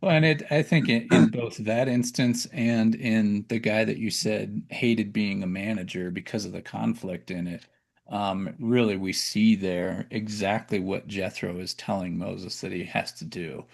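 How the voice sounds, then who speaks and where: A man's voice: fairly low pitch, steady tone, a little slow, vocal fry. A man co-hosting a discussion, thinking aloud in a reflective way with fillers and short agreements. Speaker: podcast co-host. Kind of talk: casual discussion.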